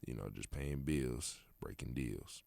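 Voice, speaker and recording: A man's voice: rumbling low, measured pace, creaky, dark tone, dry recording. A young man hosting a casual solo podcast, rambling in a laid-back, slangy way with plenty of fillers. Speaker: podcast host.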